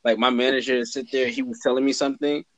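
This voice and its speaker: A man's voice: mid-range voice, flat delivery, fast, fairly bright tone. A young man in casual chat on a podcast, talking bluntly and laid-back, swearing freely. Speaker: podcast co-host, cousin.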